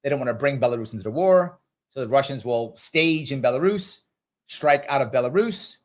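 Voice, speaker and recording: A middle-aged man hosting a live question-and-answer stream, talking straight to his viewers in a lively, conversational way. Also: mid-range voice. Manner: animated, talks straight to viewers, acts out others in quick voices. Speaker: political commentator and livestream host. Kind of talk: live Q&A commentary.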